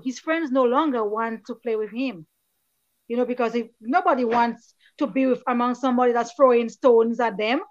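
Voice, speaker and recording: A woman who is a children's book author, talking in an interview and reading passages from her book in soft, slow quoted voices. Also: on the high side, fairly even intonation. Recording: dull lo-fi sound.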